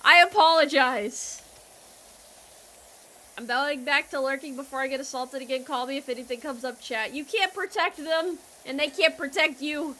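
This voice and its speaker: Bright high-voiced woman streamer. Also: normal speed, slight background noise. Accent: American. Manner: playful, loud and teasing with chat, trailing into quiet mock apologies. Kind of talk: casual game stream chat.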